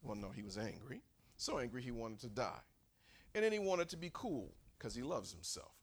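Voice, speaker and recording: A man preaching a sermon in a church, acting out angry quotes and shouting at the peaks. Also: medium pitch, very animated, normal speed, slightly rough.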